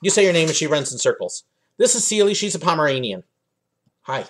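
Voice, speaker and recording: A man's voice: a little high, big pitch swings, fairly quick, a bit bright, slight background noise. A young man from the United States hosting a livestream Q&A from his home office, chatting casually with lots of ums and uhs. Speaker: livestream host answering viewer questions.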